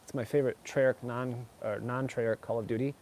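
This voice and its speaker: A man's voice: medium pitch, steady tone, normal speed, a little mellow, a little hiss or hum. A middle-aged man chatting casually with viewers, rambling and filling his talk with "like" and "you know.". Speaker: streamer answering chat. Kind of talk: casual chat.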